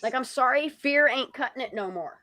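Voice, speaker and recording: A woman's voice: sits high, a little fast, sharp tone, no room sound. A woman hosting a casual livestream, talking bluntly and heatedly and swearing freely. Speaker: livestream host.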